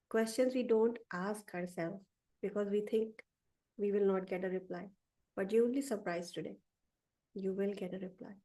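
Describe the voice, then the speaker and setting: Slow woman leading affirmations. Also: medium pitch, mellow, far from the mic. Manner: slow, deliberate, leads listeners in repeating affirmations. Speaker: meditation teacher. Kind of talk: guided affirmation session. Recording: voice set back from the mic.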